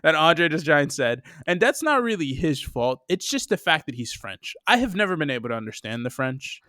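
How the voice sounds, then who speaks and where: A man's voice: a little high, very animated, moderate pace, bright, forceful tone, no echo, studio quality. A man co-hosting a podcast in casual chat, joking and laughing at himself. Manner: joking, laughing, self-deprecating. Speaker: podcast co-host.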